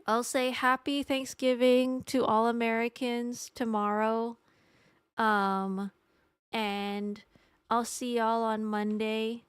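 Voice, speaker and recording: A woman's voice: on the high side, steady tone, slow pace, clean tone, dry recording. A young adult woman chatting casually with her live-stream audience, rambling and joking at her own expense. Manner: chatty, rambling, self-mocking.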